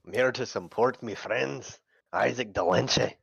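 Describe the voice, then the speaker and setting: A man voicing a rough male spectator with a Scottish accent in a tabletop game. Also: medium pitch, a little slow, fairly bright tone, dry recording, heavily acted. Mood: friendly. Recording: dull lo-fi sound.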